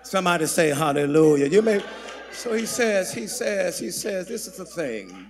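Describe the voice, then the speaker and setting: A man pastor preaching a sermon, swinging between shouted calls to the congregation and quiet murmured asides. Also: sits high, sing-song, normal speed, noisy background. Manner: preaching with call-and-response, shouting and dropping to murmurs. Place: large church sanctuary. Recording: long hall reverb.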